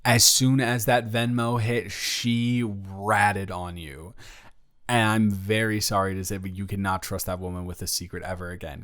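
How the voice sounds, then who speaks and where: A man's voice: medium pitch, clean tone. A young man improvising a romantic audio roleplay, telling a story in a playful, teasing, rambling way.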